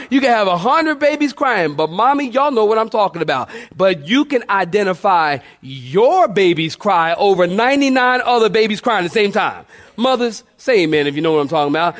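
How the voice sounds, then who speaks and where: A man preaches as a pastor, using repetition to build his points and calling out for the congregation's response. His delivery features call-and-response and sweeping pitch swings.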